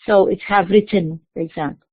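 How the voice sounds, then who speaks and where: A woman giving a recorded university lecture, explaining slowly and mixing in terms. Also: medium pitch, steady tone, breathy edge, no room sound. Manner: explains slowly, spelling out letters, slipping into Arabic terms. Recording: dry tinny phone-like recording.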